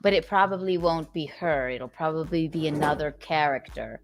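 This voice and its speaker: A woman's voice: low voice, moderate pace, crowd noise. A woman hosting a raunchy comedy chat show, teasing and crude. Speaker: host.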